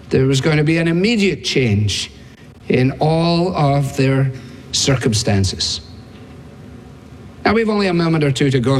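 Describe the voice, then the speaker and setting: A man preaching a sermon in an emphatic style, building his points through repeated phrases. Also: a little high. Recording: long reverb of a large hall.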